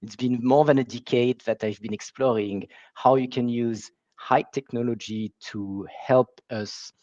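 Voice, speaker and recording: A man with a French accent, a guest facilitator chatting casually in an interview, halting and restarting his sentences. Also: medium pitch, steady tone, darkish tone, no echo. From France. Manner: halting, restarts phrases, laughs easily. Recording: dull lo-fi dry sound.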